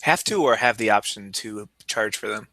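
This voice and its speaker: A man co-hosting a casual podcast, throwing in quick opinionated quips and laughing often. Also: fairly low pitch, gravelly, sharp tone, no room sound. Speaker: podcast co-host. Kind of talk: casual chat.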